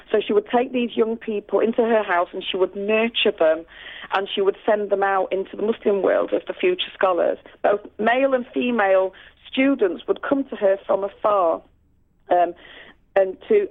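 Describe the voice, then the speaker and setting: A woman guest on a radio show, telling stories earnestly and passionately, with frequent restarts and fillers. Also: medium pitch. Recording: phone-line call-in audio.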